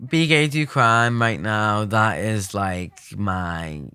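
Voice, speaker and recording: Scouse man, smooth and dry. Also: lowish voice, slow, no room sound. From Liverpool, England. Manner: animated, rambling with many fillers and restarts. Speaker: podcast guest, poet and theatre maker. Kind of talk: casual interview chat.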